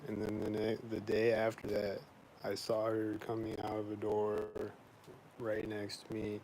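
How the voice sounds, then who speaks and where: A man's voice: on the low side, completely flat delivery, measured pace, darkish tone, slight background noise, poor audio. A man vlogging in a casual, rambling monologue, indignant and complaining, filling his talk with "like" and frequent swearing.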